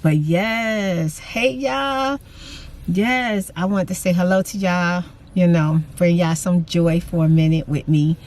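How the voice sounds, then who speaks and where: A middle-aged woman hosting her vlog in casual, animated chat, calling her viewers y'all and saying freaking often. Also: on the low side, unhurried, hardly any pauses. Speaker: vlogger and host.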